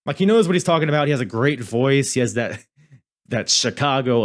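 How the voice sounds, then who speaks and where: Male podcast host, mid-pitched voice, loose rambling delivery, casual swearing, frequent restarts. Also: expressive, fairly quick. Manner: rambling, profane, self-interrupting. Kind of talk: casual review chat.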